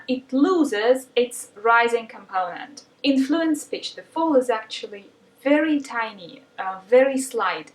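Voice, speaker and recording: A woman teacher explains pronunciation step by step in a patient, instructive way, with a small filler now and then. Her voice sits a little high. It carries an echo from a room, picked up from a few feet away. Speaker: language teacher. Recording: roomy sound from a distance.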